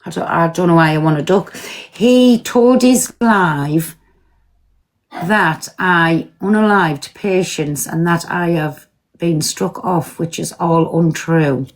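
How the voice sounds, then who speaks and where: A woman's voice: on the low side, slow. A woman hosting a live stream from home, talking casually and bluntly, swearing freely and answering her viewers. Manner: blunt, swears freely, talks back to commenters.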